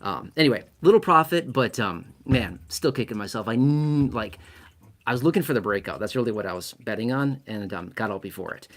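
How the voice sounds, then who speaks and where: A man's voice: on the low side, lively intonation, fairly quick. A man giving casual money commentary to camera, emphatic and self-mocking, stacking up repeated words for stress. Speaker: finance commentator.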